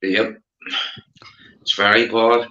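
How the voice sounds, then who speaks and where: A man's voice: on the low side, level tone, slow, pushed and bright, roomy sound, muffled recording. A man with a Northern Irish accent in rambling casual chat, repeating himself and calling his friend mate. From Northern Ireland.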